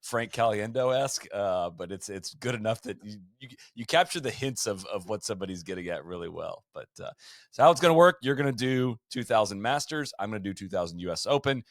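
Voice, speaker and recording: Low-voiced man co-hosting a podcast. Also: fairly quick, dry recording, clean studio sound. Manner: animated, with frequent restarts and stumbles. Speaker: podcast co-host. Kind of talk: casual chat.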